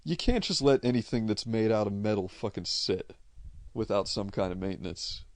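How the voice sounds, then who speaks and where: A man from Connecticut, USA, with a New England accent chats casually and bluntly while answering viewer questions, swearing freely and rambling. His voice sits on the low side and sounds animated at a normal speed, with no echo. The talk is unscripted.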